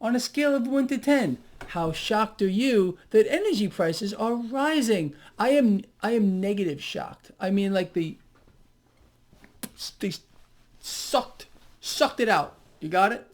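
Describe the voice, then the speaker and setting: A man's voice: sits high, lively intonation, measured pace. A man giving solo financial commentary in a mocking, sarcastic tone, often breaking into exclamations.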